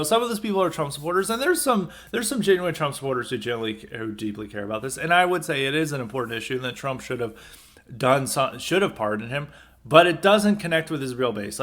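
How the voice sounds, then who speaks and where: A man's voice: a little high, a bit bright. A man hosting a podcast, delivering an unscripted political commentary monologue in a loose, conversational way with wry chuckles. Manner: loose and conversational, frequent filler words and restarts, wry chuckles. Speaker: podcast host.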